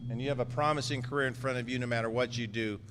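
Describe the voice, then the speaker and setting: Speaking fast with a steady tone in his mid-range voice, the departing mayor delivers a warm, jokey and slightly emotional farewell, naming the people he thanks. The indoor press conference is noisy, with hall echo and a murmuring crowd.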